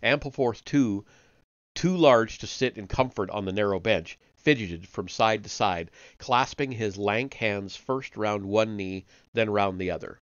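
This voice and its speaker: A man reading a novel aloud live, measured, with occasional slips and self-corrections. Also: lowish voice, dry recording, muffled recording. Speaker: reader of an online book series.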